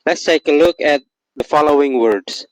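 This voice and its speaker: A man narrating a scripted English lesson with a slow, deliberate and emphatic teaching delivery. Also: fairly high pitch, no room sound, rough recording.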